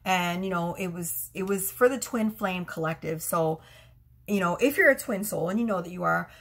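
A woman tarot reader rambling excitedly to her followers in a casual vlog, swearing freely and restarting her sentences. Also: fairly low pitch, normal speed, husky.

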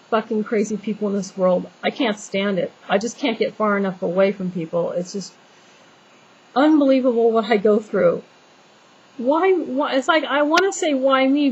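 A woman's voice: on the high side, lively intonation, normal speed, a little mellow, a little hiss or hum, poor audio. A woman venting in a casual vlog, talking in an exasperated, rambling way with many restarts and fillers. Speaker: homeowner venting to viewers.

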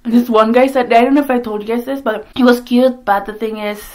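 A young woman in her twenties chatting about her life over a meal on camera. She talks in a chatty, giggly way and breaks into laughter between sentences. Her voice sits fairly high for a woman. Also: steady tone, a little fast, mellow. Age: 20s. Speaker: vlogger. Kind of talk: casual chat while eating.

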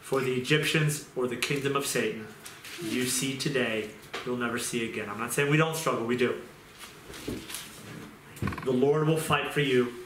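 A man's voice: mid-range voice, moderate pace, noisy background. A man giving an informal sermon in a conversational way, repeating phrases and restarting sentences as he goes. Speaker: pastor. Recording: roomy echo.

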